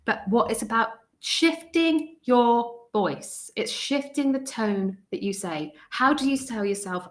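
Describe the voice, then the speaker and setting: A woman's voice: fairly high pitch, lively intonation, a little slow. A woman, a stress coach giving a live video talk to an online group from her home, chatty and prone to digressing and interrupting herself. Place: home room indoors, windows rattling in a storm. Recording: echoey room.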